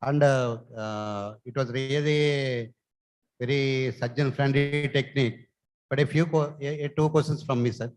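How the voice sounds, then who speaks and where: A man, chairing a conference session, politely asking questions with frequent pauses. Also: medium pitch, fairly even intonation, low-quality recording. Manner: polite, deferential, hesitant with fillers. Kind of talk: moderating a conference Q&A.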